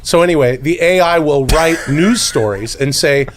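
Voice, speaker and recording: A man's voice: on the high side, moderate pace, a little hiss or hum. A man co-hosting a comedy podcast, chatting playfully and slipping into silly voices. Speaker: podcast co-host. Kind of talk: casual comedy chat.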